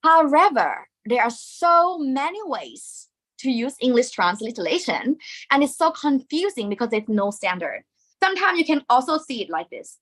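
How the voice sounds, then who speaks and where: A woman with a Thai accent teaching a live online lesson, lively and encouraging, dropping Thai particles into her English. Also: sits high, a little fast.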